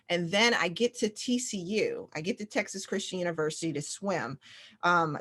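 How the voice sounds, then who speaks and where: A woman's voice: on the low side, fairly bright tone. A young adult woman hosting an interview, sharing her own story in a reflective, open way. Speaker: host. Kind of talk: conversational interview.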